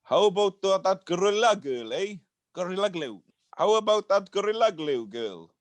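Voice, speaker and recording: Playful young man, lively pitch. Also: no echo. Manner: playful, jokey, rushes his words. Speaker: podcast co-host. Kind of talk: casual chat among friends.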